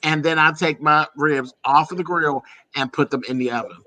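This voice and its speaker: A chatty man from Pennsylvania with a bright, sharp tone and a slightly high pitch. He talks casually and loosely, tossing in "honey" and "girl" and laughing along the way. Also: fairly even intonation, moderate pace, dry recording. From Pennsylvania, USA. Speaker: host. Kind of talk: casual chat.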